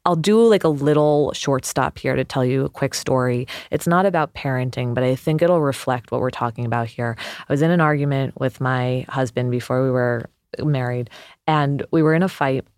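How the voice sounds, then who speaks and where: A woman's voice: rumbling low, normal speed, a little mellow, no echo, clean studio sound. A woman therapist, a guest on a podcast, telling personal stories in a reflective, earnest way with frequent fillers. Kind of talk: casual podcast conversation.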